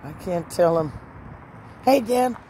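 A Christian vlogger, a woman with a lowish, warm voice and lively intonation, speaks slowly in or beside a parked truck outdoors, clear traffic and outdoor noise underneath. She shares a personal faith testimony and preaches, emotional and earnest, building into urgent rhetorical questions aimed at the listener.

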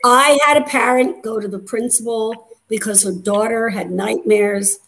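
Chatty woman cohost, kinda high voice, jumping in a lot. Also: creaky, noisy background. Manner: animated, chatty, quick interjections. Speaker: co-host, educator. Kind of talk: casual chat.

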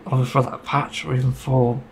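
A man's voice: medium pitch, flat delivery, a little fast, a little hiss or hum, rough recording. A man giving a casual, rambling opinion monologue about a game, getting frustrated and swearing casually. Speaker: gaming video creator.

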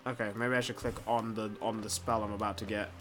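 A young man giving casual let's play commentary, rambling, swearing freely and talking to the screen, muttering quietly and then breaking into loud excited outbursts. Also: on the low side, quick pace, soft background music. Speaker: gameplay commentator.

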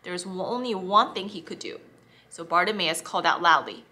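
A woman teaching children, reading a Bible story in an expressive, animated way. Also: lowish voice, normal speed.

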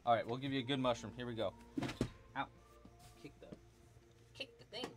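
A man's voice: mid-range voice, sing-song, brisk, music in the background. Chatty man teaching crochet on a live stream. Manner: chatty, rambling, many fillers.

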